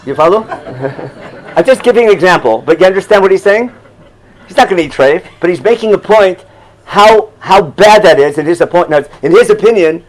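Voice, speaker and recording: A man's voice: high-pitched, animated, moderate pace, poor audio. An older man teaching a Torah class in a loose, conversational way, often asking "you follow?" and chuckling at his own asides.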